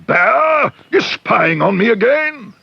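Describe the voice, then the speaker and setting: A man's voice: very high voice, very animated, slow pace, creaky, voice pushed up, heavily acted. Cartoon grouch: man voicing an irritable older neighbour, exasperated and snappy, on a dull, hissy old TV track. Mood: suspicious. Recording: dull old TV soundtrack with hiss.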